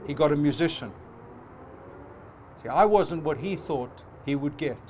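Passionate preacher man, fairly high voice. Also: animated, unhurried, a little mellow, slight background noise. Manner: passionate, emphatic with rising repetitions. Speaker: pastor. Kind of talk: sermon.

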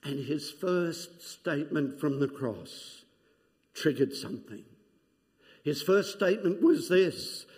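A man preaching a sermon, retelling scenes dramatically and dropping to hushed, near-whispered quotes. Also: fairly high pitch, lively intonation, takes it slowly. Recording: long hall reverb.

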